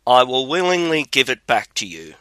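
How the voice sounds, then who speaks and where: A man's voice: mid-range voice, big pitch swings, normal speed, fairly bright tone, smooth, no room sound, low-quality recording. A man reading the lines of a fearless, crafty young drummer. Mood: kind.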